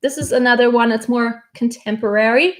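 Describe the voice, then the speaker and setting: This singing teacher speaks in a fairly high, steady voice at a slightly quick pace, talking casually through a vocal lesson with loud music behind her. She keeps stopping to demonstrate by singing short bits.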